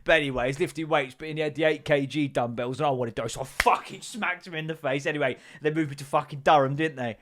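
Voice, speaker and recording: A man's voice: fairly high pitch, fast, few pauses, noisy background. A man hosting a podcast, telling rambling, sweary stories with jokey put-on voices. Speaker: podcast host. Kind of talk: casual solo rant.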